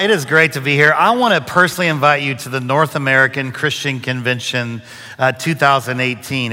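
A man preaching a sermon as a guest speaker, telling a folksy joke in a relaxed, conversational way before turning to a Bible story. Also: medium pitch. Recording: long hall reverb.

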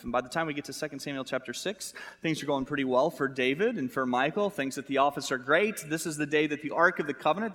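A man's voice: on the high side, fairly bright tone, long reverb tail. An American man preaching a sermon, chatty and humorous, asking the congregation questions. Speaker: pastor.

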